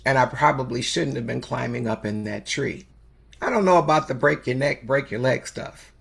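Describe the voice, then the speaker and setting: An older woman telling a story as a sermon, slow and unhurried with long pauses. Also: rumbling low, creaky, breathy edge. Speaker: spiritual speaker.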